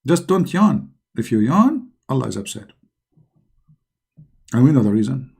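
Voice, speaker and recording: Sarcastic man with a dark, husky voice. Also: mid-range voice, big pitch swings, a little slow. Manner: sarcastic, scoffing, with a loose non-native grammar. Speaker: online commentator. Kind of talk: mocking religious-critique monologue.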